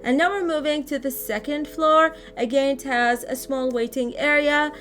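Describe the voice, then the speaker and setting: A woman's voice: on the high side, fairly bright tone. A woman giving a casual, chatty voice-over tour of a game build, sometimes searching for words and laughing lightly. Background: faint background music.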